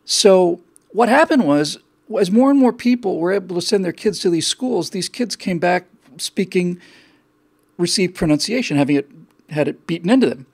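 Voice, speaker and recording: Middle-aged male host, gravelly and slightly high, rambling casual commentary with lots of restarts. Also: lively intonation, normal speed. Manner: rambling, with frequent restarts and repeated words. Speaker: show host. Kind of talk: casual monologue.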